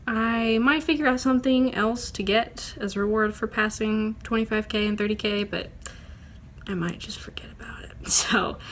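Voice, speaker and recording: A woman's voice: fairly high pitch, a bit bright, slight background noise. A young woman, chatting casually in a writing vlog, rambling with lots of fillers. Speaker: vlogger.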